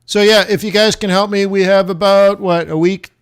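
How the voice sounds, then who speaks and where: Smooth-voiced man chatting on a livestream. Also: sits high, steady tone, moderate pace. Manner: rambling, self-mocking, chatty with viewers. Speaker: forex livestream host. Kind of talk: casual livestream chat.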